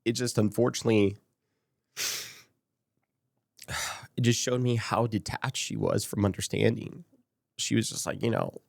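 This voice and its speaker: A man's voice: medium pitch, gravelly, darkish tone, no echo, clean studio sound. A man from Las Vegas speaking as a podcast guest, telling a candid personal story and retelling past conversations in quoted dialogue, emotional and choked up at times. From Las Vegas, USA.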